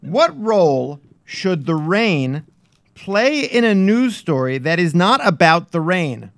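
A man hosting a casual news show and quizzing his partner in a teasing way. He sounds high for a man and very lively in pitch. The room is dry and close. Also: slow pace, no echo. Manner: teasing, animated, quizmaster. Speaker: co-host. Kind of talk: casual radio-style news quiz banter.

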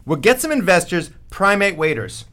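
A man co-hosting a sports radio show, joking with his partner and reading ads aloud in a quick, animated patter. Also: high voice. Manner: fast, wisecracking, animated. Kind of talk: joking sports radio banter with live ad reads.

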